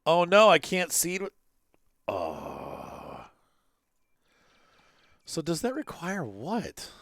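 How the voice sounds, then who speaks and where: A man's voice: a little high, wildly swooping pitch, extremely slow, gravelly, fairly bright tone, dry recording. A man hosting a farming game playthrough, chatting casually and rambling through a personal story with many fillers and restarts. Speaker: gaming channel host. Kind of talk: casual let's-play commentary with storytelling.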